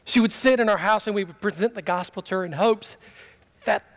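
A middle-aged male pastor preaches a sermon at a brisk pace, swinging between impassioned, emphatic cries and quiet, low storytelling.

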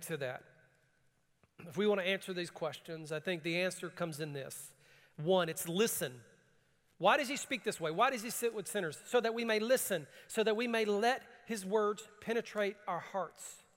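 A man preaching a sermon, animated and quick to laugh, reading scripture aloud in a calmer tone. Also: sits high. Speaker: pastor. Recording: long hall reverb.

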